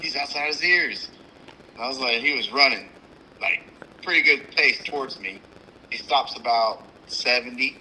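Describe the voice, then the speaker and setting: A man, co-hosting a hunting show, telling an animated story with acted-out quotes and sounds. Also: medium pitch, slight background noise, rough recording. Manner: animated, acts out the scene with quoted lines and sound imitations. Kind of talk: casual storytelling chat.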